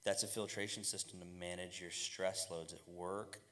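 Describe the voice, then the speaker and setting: A man's voice: deep voice, steady tone, moderate pace, fairly bright tone. A man on a casual panel, giving direct, confident, coach-like advice.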